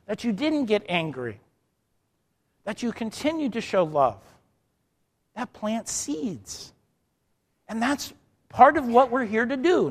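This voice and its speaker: A man preaching a sermon emphatically, dropping soft and then rising loud, acting out the people in his stories. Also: very high voice, long reverb tail. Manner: emphatic, swings from soft to loud, acts out quotes.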